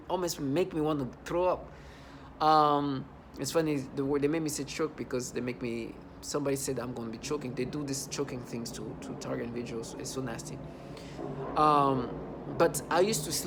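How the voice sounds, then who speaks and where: A man talking to camera in a rambling, halting monologue, repeating words and stressing points earnestly. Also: fairly high pitch, slight background noise. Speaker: vlogger.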